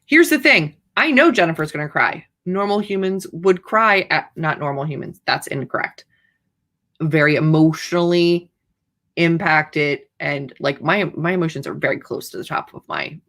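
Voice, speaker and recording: A woman's voice: low-pitched, normal speed, fairly bright tone. A woman author hosting a livestream, chatting casually in a rambling, playfully dramatic way. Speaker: author hosting writing sprints.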